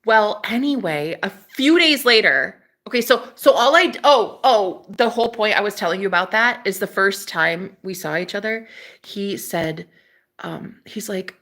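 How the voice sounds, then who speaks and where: A young woman vlogger telling a story in casual chat, chatty and excitable, swearing freely and breaking into laughs. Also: medium pitch, normal speed.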